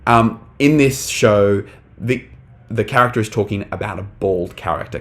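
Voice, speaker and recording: Young male teacher, lowish pitch, relaxed live-stream delivery, frequent ums. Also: takes it slowly. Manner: casual, talks to chat, many fillers. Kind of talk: live online English lesson.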